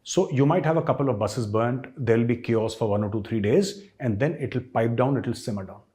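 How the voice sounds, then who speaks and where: A host with an Indian English accent delivers emphatic, sarcastic political opinion commentary packed with rhetorical questions. His voice is medium-pitched and dark in tone, and he speaks briskly.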